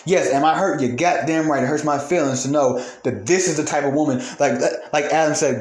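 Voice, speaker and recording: A podcast host with a high voice rants angrily and profanely, speaking a little fast with few pauses. He repeats phrases to hammer his points, and the room carries a noticeable echo.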